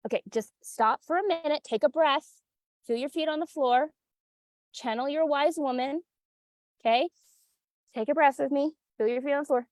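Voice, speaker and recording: A woman's voice: high voice, normal speed, pauses often, darkish tone, no echo. A woman wellness coach talking candidly and chattily, teasing clients' excuses and acting them out. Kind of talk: casual solo talk.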